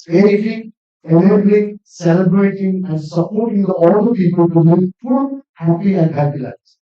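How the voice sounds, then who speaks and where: A man, an academic lecturer, giving a conference presentation in an earnest manner that builds to emphatic appeals. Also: high voice. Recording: distant mic in echoey hall, dull sound.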